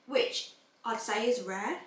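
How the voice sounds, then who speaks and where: A woman's voice: fairly high pitch, slow pace. A woman, hosting a casual podcast and rambling in a chatty way. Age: 20s. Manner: chatty, rambling, laughs often. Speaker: podcast host. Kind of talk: casual chat. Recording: roomy room, mic at a distance.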